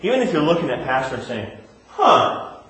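A pastor with a highish, racing voice teaches a conversational sermon in a church, posing questions and answering them himself. He's animated, swinging from emphatic to quiet, and the room sounds echoey.

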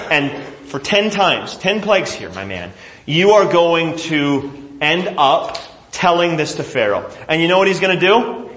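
A Bible teacher with a high voice leads a lesson in an echoey room. He tells the stories in a lively, conversational way.

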